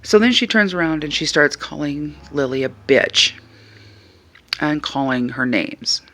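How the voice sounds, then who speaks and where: A man telling a story in a casual, animated and exasperated way. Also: a little high, a little slow. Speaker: vlogger.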